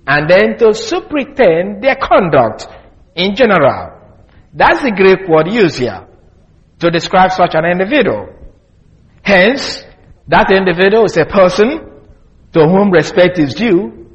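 Man preaching a teaching sermon, lo-fi. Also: fairly high pitch. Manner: teaching, spells out words slowly. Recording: dull, lo-fi sound.

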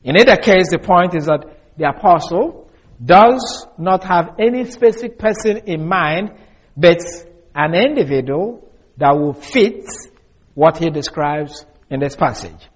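Husky man teaching a slow Bible exposition. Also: a little high, expressive. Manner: measured, deliberate, with restarts and slow emphasis. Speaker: preacher.

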